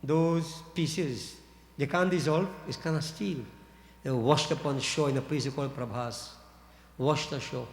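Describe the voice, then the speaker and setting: Brief: preacher, animated storytelling sermon, higher male voice, roomy echo. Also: measured pace, a little hiss or hum. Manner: animated, addresses listeners as devotees. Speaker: pandit. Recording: echoey hall reverb.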